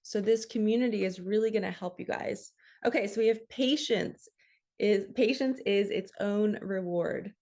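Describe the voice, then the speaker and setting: A middle-aged woman reads spiritual cards for her viewers, her voice carrying a gravelly edge. She speaks softly and from the heart, pausing to reflect as she goes. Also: medium pitch. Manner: soft, heartfelt, tearful at times. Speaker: spiritual card reader. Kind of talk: intuitive card reading.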